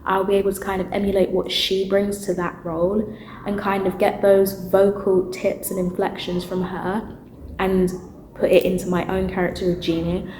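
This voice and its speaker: A woman's voice: medium pitch, normal speed, reverberant, slight background noise, low-quality recording. A young woman and drama student, chatting animatedly in a casual vlog. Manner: chatty and animated, with asides and laughs.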